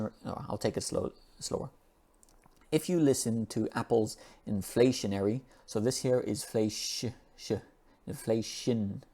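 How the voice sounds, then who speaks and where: A man with a fairly low voice gives a relaxed, unscripted English pronunciation lesson. He reads an article aloud and keeps stopping to repeat sounds and words slowly, so students can copy him. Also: vocal fry. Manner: slow and repetitive, drawing out and repeating sounds. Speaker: English teacher.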